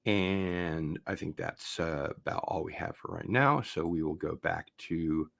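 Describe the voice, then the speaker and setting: A man with a low, creaky, slightly bright voice hosts a casual vinyl unboxing livestream. As he opens packages, he talks things over at length, rambling and drifting into tangents.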